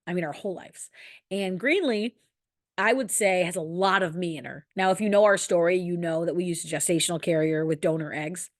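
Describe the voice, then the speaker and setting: A woman's voice: fairly low pitch, a little fast, no room sound, clean studio sound. A woman in her thirties hosting a podcast, talking candidly and emotionally in a personal monologue and swearing casually. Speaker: podcast host.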